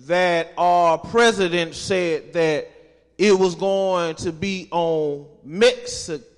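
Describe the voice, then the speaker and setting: A man's voice: high voice, steady tone, slow pace, clear, resonant tone. A man preaching a sermon in a church, reading scripture and calling on the congregation to respond. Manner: call-and-response preaching, rising to shouts. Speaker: pastor. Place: church sanctuary. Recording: reverberant church hall.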